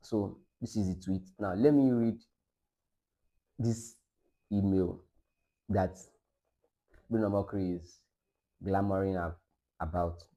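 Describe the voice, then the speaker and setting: A man hosts a reaction video, reading out a long statement between his own comments. His voice sits low and mellow, with a dark, relaxed tone. He speaks haltingly, pausing often on fillers. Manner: halting, with many hesitations. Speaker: video host.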